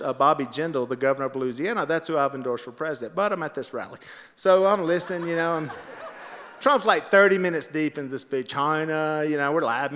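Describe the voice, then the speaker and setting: A middle-aged man with a high, bright voice tells a story in a casual, animated way, jumping in and out of other people's voices. His talk rings out with a long echo, as in a large hall. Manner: animated, acts out quoted voices. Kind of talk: casual anecdote, told to a laughing audience.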